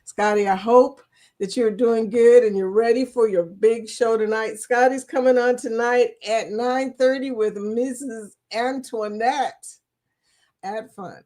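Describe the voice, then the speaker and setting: A woman's voice: on the high side, fairly even intonation, a little slow, a little mellow. A woman from Kentucky with a Kentucky accent, hosting a live chat stream, who talks in a chatty, teasing way and laughs often. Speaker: livestream host. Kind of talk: casual chat greeting viewers.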